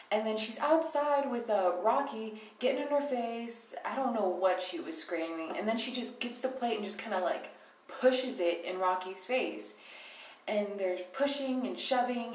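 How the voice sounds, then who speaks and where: A woman's voice: a little high, distant mic. Profane young woman recapping reality TV, echoey. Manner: profane, rambling, opinionated, laughs as she talks. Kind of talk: casual episode recap. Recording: roomy echo, speaking away from the mic.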